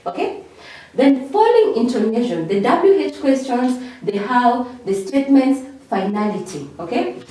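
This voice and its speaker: A woman teacher speaks slowly with a rising and falling, expressive pitch, repeating each key word several times. She stands away from the microphone. The room gives her voice a strong echo. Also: slight background noise. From Kenya. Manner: slow, repeats key words with drawn-out emphasis. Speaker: English teacher. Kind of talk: revision lesson. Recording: echoey room, far from mic.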